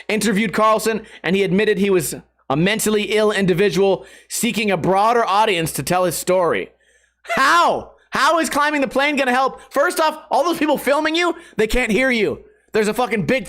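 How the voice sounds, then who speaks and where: High-voiced male host, sarcastic, swears a lot, loose casual rant. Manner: profane, sarcastic, animated. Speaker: podcast host.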